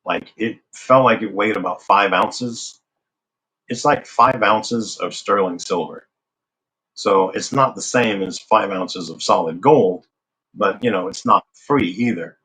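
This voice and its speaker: A man with a notably low voice speaks as a guest in an interview. He tells a long personal story in an easy, conversational way. He slips into the voices of the people in it as he quotes them. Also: unhurried, bright, forceful tone, rough recording. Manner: conversational, acts out remembered dialogue. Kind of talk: casual storytelling.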